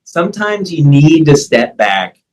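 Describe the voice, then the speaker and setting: A middle-aged man, a personal trainer, talking in a conversational interview and acting out coaching lines with animated delivery. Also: fairly high pitch, a little slow, lo-fi sound. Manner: animated, acts out coaching voices. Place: Thailand.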